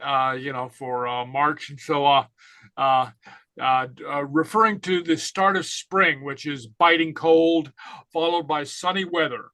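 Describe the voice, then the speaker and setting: A man teaching a language class, halting with many fillers and okays. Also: fairly high pitch, steady tone, sharp tone, no echo. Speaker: Gaelic teacher. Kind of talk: online class lesson.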